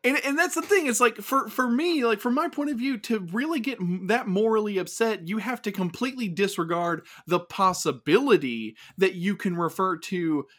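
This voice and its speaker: Young male podcast co-host, rambling and restart-heavy, slightly high voice, casual chat. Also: moderate pace, few pauses, fairly bright tone. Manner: rambling, full of restarts and fillers.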